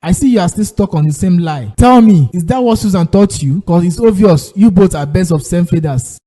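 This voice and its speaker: A man with a Nigerian accent voicing a betrayed, furious husband in a cartoon drama, husky and accusing. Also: sits high, lively intonation, a little fast. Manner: accusing, shouting.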